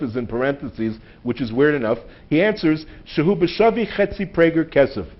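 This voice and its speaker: A man with a somewhat high voice gives an animated, humorous lecture in a synagogue hall. He keeps checking in with his listeners. The recording is dull and lo-fi, like a livestream. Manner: animated storyteller, often adds "right?". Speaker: teacher lecturing a synagogue audience.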